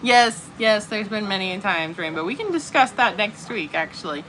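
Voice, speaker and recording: A woman's voice: mid-range voice, expressive, normal speed, fairly bright tone, a little hiss or hum, rough recording. A young woman hosting a casual stream, telling stories and laughing often. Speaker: streamer host. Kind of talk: casual chat. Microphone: earbuds.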